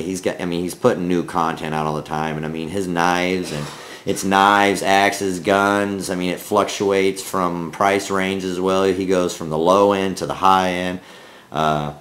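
A man's voice: sits low, steady tone, measured pace, a bit bright. A man with a Minnesotan accent, raised in the American South, hosting a casual knife vlog in a rambling, folksy way with lots of fillers. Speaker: knife review channel host.

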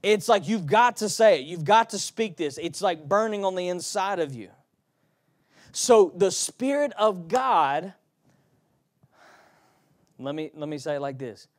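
A man preaching a sermon, calling out to the congregation and swinging between quiet asides and loud emphatic bursts. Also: sits high, lively intonation, measured pace, pauses often.

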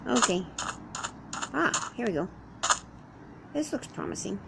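A woman's voice: medium pitch, big pitch swings, a little slow, creaky, very noisy. A woman doing in-character survival roleplay commentary while playing, rambling to herself and chatting to the animals around her. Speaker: game roleplayer.

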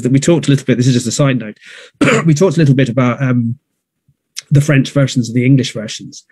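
A man's voice: medium pitch, a little mellow, husky, no echo. A man, a theatre producer, talking in a thoughtful, conversational way with many restarts and fillers. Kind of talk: conversational interview. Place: north of England.

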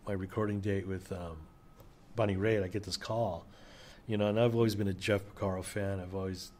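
A middle-aged man, a session drummer, telling stories casually in an interview, loose and enthusiastic with plenty of fillers and swearing. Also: fairly low pitch.

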